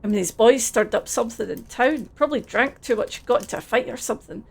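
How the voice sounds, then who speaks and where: A woman's voice: on the high side, fast, vocal fry, slightly rough. A woman voicing a merry simple dockworker. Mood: cheerful. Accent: Scottish. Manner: cheerful, chuckling. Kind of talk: game dialogue read aloud.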